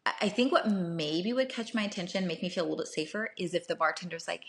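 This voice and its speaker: A woman's voice: on the low side, fast. A young woman hosting casual dating advice talk for a live audience, chatty, often checking in with "right?" and acting out short bits of dialogue.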